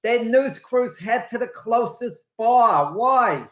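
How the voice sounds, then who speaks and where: A man's voice: very high voice, animated, slow, fairly bright tone. A man who is a guest on a sports talk show and makes his points with emphatic, indignant rhetorical questions. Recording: roomy echo.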